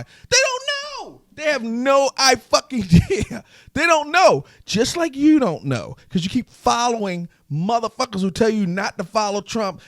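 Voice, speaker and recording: A man's voice: very high voice, dry recording, studio quality. A man delivering a heated, profane rant as a live streamer. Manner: profane, heated, swings loud and quiet. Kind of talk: ranting monologue.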